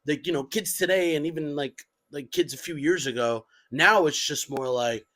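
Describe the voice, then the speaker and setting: A man's voice: fairly high pitch, normal speed, a bit bright, no room sound. A young man co-hosting a podcast, chatting casually, joking and swearing, with lots of "like". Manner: joking, swearing, heavy use of "like". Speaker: podcast co-host. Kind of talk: casual chat.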